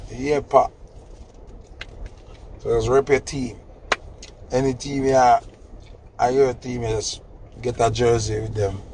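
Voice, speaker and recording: Gravelly Jamaican man telling a story. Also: mid-range voice, slight background noise. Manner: animated, laughing, Patois-laced storytelling. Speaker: host. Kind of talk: casual storytelling chat.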